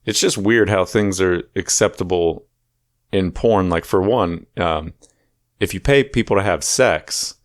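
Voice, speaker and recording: Low-voiced, rambling male podcast co-host. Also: a little slow, no room sound, studio quality. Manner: rambling, laughs often, acts out skits. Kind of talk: crude comedic banter.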